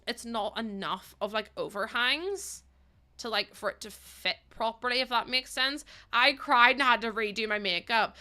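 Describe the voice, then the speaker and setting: A woman's voice: mid-range voice, bright, forceful tone. A young woman streaming and chatting casually with her viewers, giggling often and singing bits of songs. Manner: chatty, giggly, reads chat aloud, sings snippets. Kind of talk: casual livestream chat while building.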